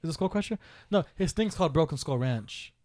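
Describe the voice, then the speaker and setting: A man's voice: fairly high pitch, brisk, no room sound, clean studio sound. A man co-hosting a casual podcast chat, retelling stories and acting out quotes. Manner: animated storyteller, acts out quotes. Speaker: podcast co-host.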